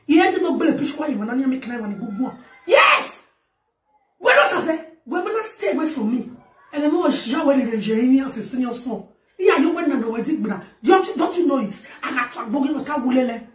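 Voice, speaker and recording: Loud ranting Nigerian woman, high voice. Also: very animated, a little fast. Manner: loud, laughing, shouting tirade. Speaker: talk show host. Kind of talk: ranting monologue. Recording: echoey, far from the mic.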